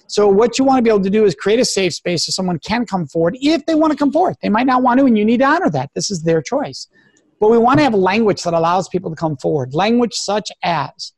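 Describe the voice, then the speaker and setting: A man's voice: high voice, expressive, fast, no echo, studio quality. A man who is a guest expert on a radio talk show, speaking earnestly and coaching listeners with example phrases. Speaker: guest expert on sexual respect.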